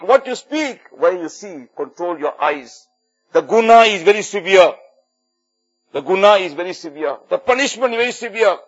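High-voiced husky man preaching a sermon. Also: a bit bright. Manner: repeats key phrases for emphasis, earnest exhortation. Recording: dull lo-fi recording with faint music.

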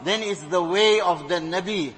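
A man's voice: high-pitched, moderate pace, a bit bright, low-quality recording. A man preaching a sermon, earnest and exhorting, telling stories with retold dialogue.

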